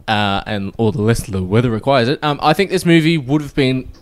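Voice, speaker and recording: A man's voice: mid-range voice, fairly quick. A man hosting a podcast in casual chat, rambling along and swearing now and then as he runs the show. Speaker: podcast host.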